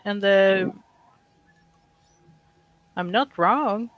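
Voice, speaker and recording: A man's voice: high-pitched, drawn-out words, dry recording, dull audio. A man from Sweden with a Swedish accent, chatting casually in slightly broken English and musing aloud. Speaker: chat participant. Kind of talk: casual voice chat.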